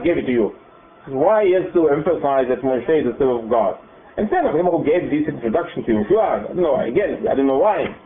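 A man teaching a Bible class. He explains verses, repeats words and acts out the dialogue with rising excitement. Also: mid-range voice. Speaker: Torah teacher. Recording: tinny, echoey room with faint noise.

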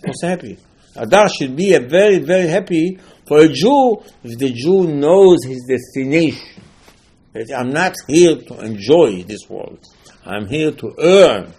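Gravelly emphatic male rabbi. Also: on the high side, darkish tone. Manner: emphatic, rhetorical questions, acts out dialogue. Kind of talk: Torah lecture.

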